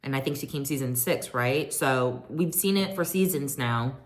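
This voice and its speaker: A woman recapping a reality TV reunion in a chatty, sassy way, quoting people in animated voices. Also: extremely low pitch, moderate pace. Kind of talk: casual chat recap.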